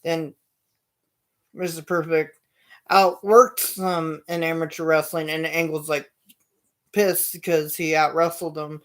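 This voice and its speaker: A man's voice: fairly high pitch, level tone, slow pace, pauses often, a bit bright. A man hosting his own show, telling a long story in a rambling way with many fillers and restarts. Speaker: show host. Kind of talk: casual storytelling.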